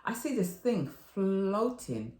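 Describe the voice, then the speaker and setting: A middle-aged woman telling rambling, animated stories in a chatty haul video, swearing and laughing freely. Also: medium pitch, slow pace. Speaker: vlogger. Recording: roomy echo.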